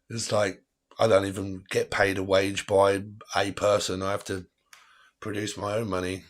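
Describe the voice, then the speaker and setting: Speaking with a low voice and flat delivery, this tarot reader runs a livestream where he rambles through casual chat with his viewers. He's chatty and quick to laugh.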